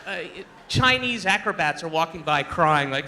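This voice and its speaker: A man doing stand-up comedy on stage, animated and incredulous, with rambling asides. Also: sits high, normal speed, hardly any pauses, noisy background. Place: comedy stage before a live audience.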